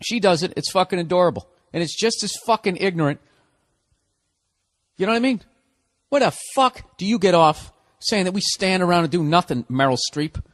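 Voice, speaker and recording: A man's voice: high-pitched, animated, brisk, no room sound, clean studio sound. Brief: exasperated male podcast host ranting with heavy profanity and sarcasm. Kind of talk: comedic rant.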